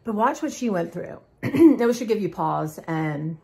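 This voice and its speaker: A woman in her fifties chatting casually to her viewers, rambling and warm with drawn-out "y'all"s and sighs. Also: medium pitch, lively intonation, gravelly, slightly rough. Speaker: vlogger. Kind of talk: casual haul chat.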